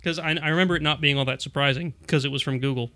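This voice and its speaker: A man's voice: a little high, fairly even intonation, rapid-fire, pushed and bright. A middle-aged man co-hosting a casual tech podcast, rambling and restarting his sentences with frequent chuckles. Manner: rambling, self-interrupting, chuckling. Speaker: podcast co-host.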